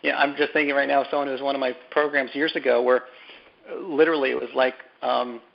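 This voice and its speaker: A man with a gravelly edge, mid pitch, talking things through slowly as an interview guest. He restarts phrases and repeats words while he thinks. The sound is dull and lo-fi. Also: little pitch movement. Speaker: author and guest. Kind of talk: conversational interview.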